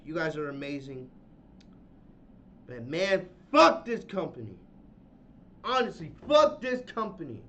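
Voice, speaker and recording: A man's voice: on the high side, sing-song, a little slow, pauses often. A man hosting a wrestling review podcast, ranting angrily and swearing a lot, repeating his phrases. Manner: angry, profane, loud ranting with repeated phrases. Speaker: podcast host. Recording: dull lo-fi sound.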